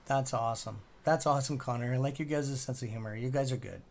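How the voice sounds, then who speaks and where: A man's voice: mid-range voice, fast, vocal fry, few pauses, a little hiss or hum. A man hosting a casual live stock-trading stream, rambling and chatty with a sore throat, swearing now and then.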